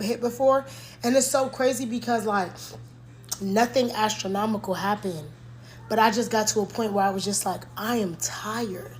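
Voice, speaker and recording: A young woman talking bluntly to the camera at home, repeating lines for emphasis. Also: sits high. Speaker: content creator. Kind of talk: candid monologue to camera.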